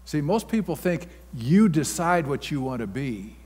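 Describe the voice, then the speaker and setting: A man's voice: a little high, sing-song, unhurried, slightly rough. A man pastor preaching a sermon in a folksy, blunt manner. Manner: folksy, blunt preaching with sudden loud outbursts. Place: large church hall. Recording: long reverb of a church hall.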